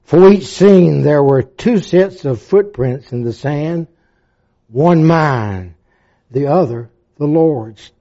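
An older man delivers a sermon with dramatic swings, sinking to near-whispers before climbing into fervent, high-pitched pleading. His voice sits a little high for a man. The recording sounds dull and lo-fi. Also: animated, slow pace. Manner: dramatic, swinging from hushed to impassioned. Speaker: preacher.

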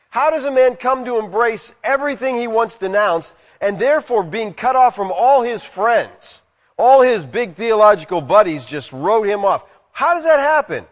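A man preaching a sermon, emphatic and asking loud rhetorical questions. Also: high voice, in a large hall.

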